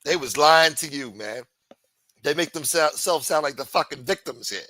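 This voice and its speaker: A man's voice: on the high side, moderate pace, bright, forceful tone, no room sound, poor audio. A man hosting a livestream, ranting heatedly with heavy profanity and sarcasm. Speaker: livestream host.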